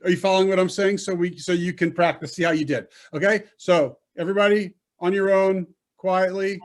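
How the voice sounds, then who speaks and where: A man's voice: high-pitched, steady tone. A man teaching a Hebrew reading class over a video call, coaching patiently and sounding out syllables. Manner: patient, coaching, slow and deliberate. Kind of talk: online class instruction.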